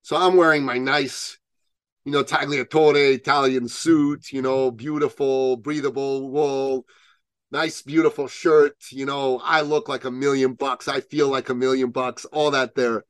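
A man guesting on a podcast, telling a story with lots of animation and slipping into the voices of the people in it. His voice sits at a middle pitch, and the sound is dry and close with no room in it. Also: flat delivery, measured pace, clear, resonant tone, no room sound. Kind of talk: storytelling in an interview.

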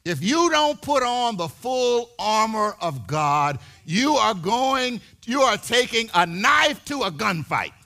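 A man preaching in a church with a bright, gravelly voice. He speaks slowly and deliberately, swells into shouts and repeats his words. His pitch sits high and moves a great deal. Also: very animated. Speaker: pastor. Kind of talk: sermon.

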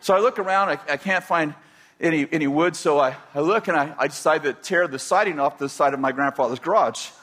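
A man's voice: on the high side, a little fast, fairly bright tone. An older man from California telling a personal story in a rambling way, with many restarts and chuckles. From California, USA.

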